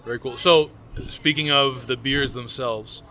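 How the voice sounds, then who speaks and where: Bright-voiced interviewer man. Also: medium pitch, steady tone, unhurried. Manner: rambling, hedged questions. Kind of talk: conversational interview.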